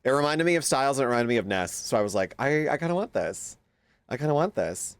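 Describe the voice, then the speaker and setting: A young man hosting a casual livestream, his pitch bouncing all over as he greets chatters one by one and coos at his pet. The sound is close and dry, with no room around it. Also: sing-song, fast, clean tone, dry recording. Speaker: streamer.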